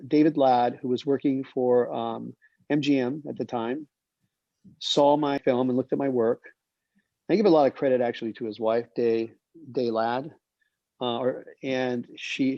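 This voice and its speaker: In casual, anecdotal fashion, a man in his sixties from the United States, a film director, rambles through stories from his career and performs the dialogue he quotes. His voice is medium in pitch, with no echo, on a dull lo-fi recording.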